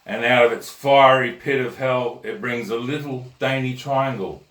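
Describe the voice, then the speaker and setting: Recorded with a far-off mic and roomy echo, a man hosts a comic rant full of jokes, his manner blunt, crude and conversational. His mid-range voice is fairly bright and a little slow.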